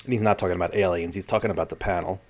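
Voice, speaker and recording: A man's voice: deep voice, steady tone, very fast. A man hosting his own channel, talking through a transcript in casual commentary, often stopping to correct and restart himself. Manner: rambling, self-correcting, many restarts. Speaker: channel host.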